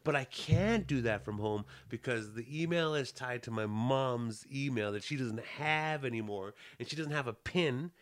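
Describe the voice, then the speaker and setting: A man telling a long story in casual chat, rambling with many restarts and getting loud and riled as he retells it. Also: mid-range voice, moderate pace, hardly any pauses.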